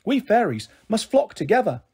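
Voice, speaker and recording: A man's voice: high voice, sing-song, brisk, a little mellow, breathy edge, full character voice. A man reading aloud, voicing a young girl who grandly pretends to be a fairy queen in a children's storybook. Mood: grandly pretending.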